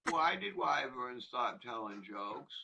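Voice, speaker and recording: Slow, bright-voiced man telling jokes. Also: mid-range voice, animated, creaky, dull audio, a little hiss or hum. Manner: slow, hesitant joke delivery.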